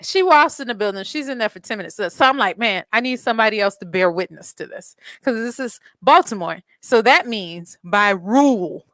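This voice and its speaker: A woman hosting a podcast, telling a story in an animated, blunt way, swearing freely and acting out quotes. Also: mid-range voice, a little fast, hardly any pauses, no echo. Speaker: podcast host. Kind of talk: casual storytelling chat.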